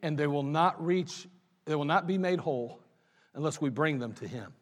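Captured in a reverberant church hall, this male pastor delivers his sermon from the sanctuary with emphasis, repetition, and a homespun storytelling style. He talks at normal speed, his slightly high voice full of expression.

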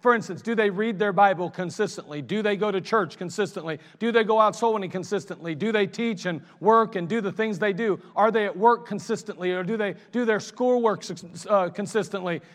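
High-voiced preacher in a reverberant church. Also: male voice, fairly quick, few pauses. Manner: animated, conversational preaching with self-mocking asides. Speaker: pastor. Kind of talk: sermon. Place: church sanctuary. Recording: long reverb of a church hall.

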